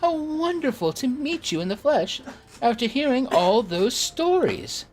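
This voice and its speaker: A man's voice: extremely high pitch, very animated, a little slow, faint music behind, pitched above the performer's own voice, exaggerated voice. A man voicing a starstruck young woman from a video game who gushes over meeting someone she admires.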